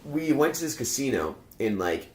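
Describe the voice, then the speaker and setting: A man's voice: mid-range voice, sing-song, moderate pace, darkish tone. A man chatting casually as a podcast guest, telling a rambling story full of swearing and acted-out quotes. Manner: rambling, swears a lot, acts out quoted lines. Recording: roomy echo.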